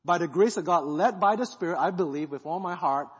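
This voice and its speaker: A guest pastor with a fairly high, husky voice gives a lively sermon testimony a little fast, acting out his own past thoughts as he tells the story. The audio is somewhat dull and carries the long reverb of a large church hall.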